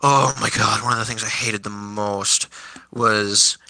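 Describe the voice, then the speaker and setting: A man's voice: fairly low pitch, steady tone, a little slow, creaky, sharp tone, no echo, poor audio. A man as a guest in a casual chat, blunt and casually swearing, with many hesitant fillers.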